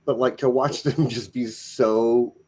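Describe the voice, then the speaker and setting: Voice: mid-range voice, steady tone, measured pace, mellow, a little hiss or hum. A podcast co-host chatting casually about a film, with playful asides. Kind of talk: casual film review chat.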